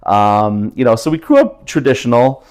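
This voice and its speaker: A man's voice: mid-range voice, big pitch swings, moderate pace, darkish tone, clean tone. A man, a Russian speaker, chatting as an interview guest, full of fillers and restarts. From New Jersey, USA. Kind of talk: casual interview conversation.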